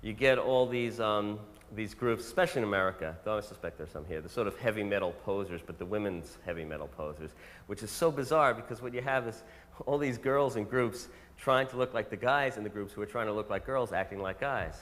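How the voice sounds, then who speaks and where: A man who writes and produces songs, talking candidly and wryly, his phrases sinking low at the ends. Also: a bit bright, big-room sound. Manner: fast, wry, trailing low at phrase ends. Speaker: songwriter and producer. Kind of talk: candid interview monologue.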